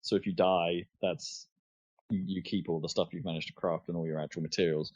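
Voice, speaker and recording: A man's voice: deep voice, fairly even intonation, a little fast, darkish tone, slightly rough, no echo. A man co-hosting a podcast, chatting casually, with lots of fillers and restarts. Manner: hesitant, many fillers and restarts. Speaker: podcast co-host. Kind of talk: casual chat. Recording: dull lo-fi podcast audio.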